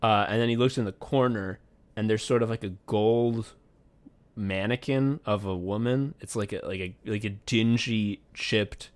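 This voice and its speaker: A man's voice: on the low side, normal speed. A man co-hosting a podcast, casually retelling a movie with lots of laughter, swearing and filler words. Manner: animated, laughing storyteller, swears freely. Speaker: podcast co-host. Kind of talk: casual chat.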